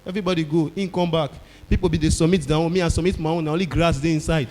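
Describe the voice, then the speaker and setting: A male stand-up comedian with a Nigerian Pidgin accent tells stories loudly and acts out the people in them. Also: on the high side, racing, in a large hall. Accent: Nigerian Pidgin English. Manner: loud animated storytelling, acting out characters.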